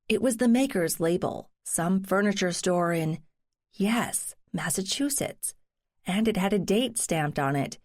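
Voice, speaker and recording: A woman's voice: mid-range voice, a little mellow, no echo. Woman narrating a novel, dry close voice. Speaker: audiobook narrator. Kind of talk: scripted narration.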